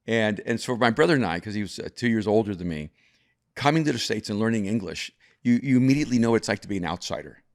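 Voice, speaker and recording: Brief: older male guest, low voice, thoughtful storyteller who restarts his sentences. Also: animated, fast talker. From El Salvador. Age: over 50. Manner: reflective, frequent restarts and repeated words. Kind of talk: conversational storytelling.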